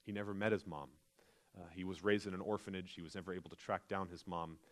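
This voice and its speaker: A pastor delivering a sermon, his voice sitting on the low side. He speaks earnestly and tells stories in a confessional way, often pausing and restarting as he works through his thoughts. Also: steady tone.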